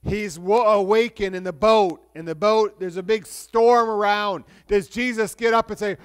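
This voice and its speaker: Pastor, male, high-pitched, conversational sermon delivery with restarts and hushed stretches. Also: a little slow, few pauses, clear, resonant tone. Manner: conversational preaching with restarts, shifting between lively and hushed.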